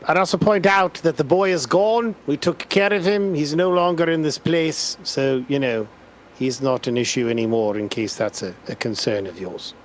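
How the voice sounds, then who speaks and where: A man's voice: a little high, moderate pace, slight background noise. A man playing a tabletop game, explaining his spells and rules with hesitant fillers. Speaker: player.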